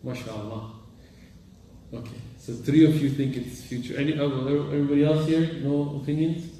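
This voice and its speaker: A man's voice: a little high, little pitch movement, normal speed, dark tone, slight background noise. A man teaching a class of students on Quran commentary and Arabic grammar. He quizzes his students and mixes Arabic terms into his English. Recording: very echoey room, voice far from the mic.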